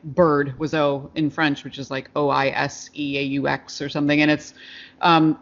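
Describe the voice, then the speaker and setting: A podcast co-host in casual chat about a film, rambling with many fillers and restarts. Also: mid-range voice. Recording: dull lo-fi podcast audio.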